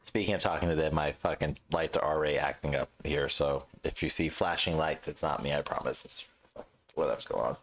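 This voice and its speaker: A man's voice: rumbling low, brisk. A man co-hosting a podcast in casual chat, blunt and teasing, swearing freely. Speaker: podcast co-host.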